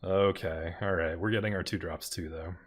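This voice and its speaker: A man with a lowish voice talks through a card game as he plays it. He mutters along casually and laughs at his own misplays. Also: steady tone, normal speed, a little hiss or hum. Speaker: streamer playing a card game. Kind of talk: casual gameplay commentary.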